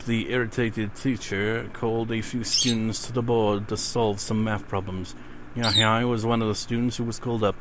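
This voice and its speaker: A man's voice: lowish voice, background noise. A man playing a horror game, reading its ghost stories aloud between casual commentary. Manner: reads in-game ghost stories aloud, then rants with swearing and laughs. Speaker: let's play gamer.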